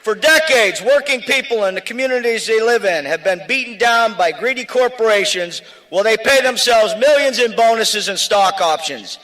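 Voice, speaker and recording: A man speaking for his union at an outdoor rally, shouting emphatic lists of demands. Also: sits high, lively intonation, moderate pace, few pauses, rough recording.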